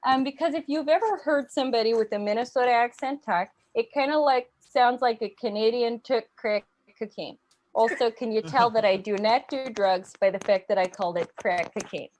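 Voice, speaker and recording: A woman's voice: fairly high pitch, normal speed, a little mellow. Chatty young woman doing stand-up. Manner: chatty, frequent ums, self-deprecating asides. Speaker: stand-up comic. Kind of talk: stand-up comedy set.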